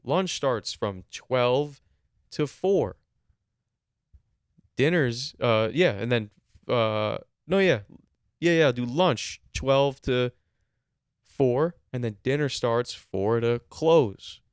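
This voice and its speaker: A man's voice: mid-range voice, animated, extremely slow, long pauses, smooth, no room sound. Podcast guy ranting about a bad restaurant, swears a lot, dry close mic. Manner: exasperated, swears casually. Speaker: podcast co-host. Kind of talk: casual storytelling rant.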